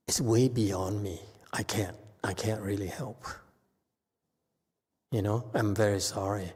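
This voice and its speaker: Unhurried male meditation teacher in a reverberant hall, checking in with listeners as he talks. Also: lowish voice. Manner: unhurried, with frequent "okay?" checks. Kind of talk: dharma talk answering questions.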